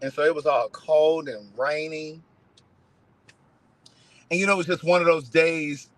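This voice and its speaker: Animated man chatting from his car. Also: fairly high pitch, unhurried, no room sound, rough recording. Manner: storytelling, animated, swearing. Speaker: host. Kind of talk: casual live-stream chat.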